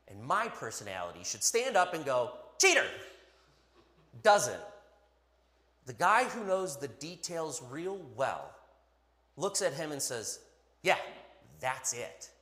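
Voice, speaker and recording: A man preaching a sermon in a church, emphatic and animated, with playful asides to the congregation. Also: mid-range voice, a little slow. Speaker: pastor. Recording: echoey hall.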